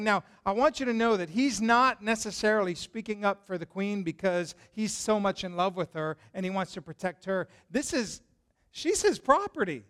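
Preaching at a normal speed in a high voice, this male pastor recounts a Bible story with animation and a conversational feel. Along the way he poses questions to the congregation.

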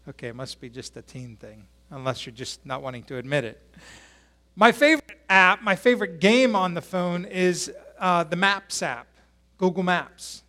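High-voiced pastor chatting through a sermon. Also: male voice, expressive, normal speed, bright, forceful tone. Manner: conversational, asks the congregation questions. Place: church service.

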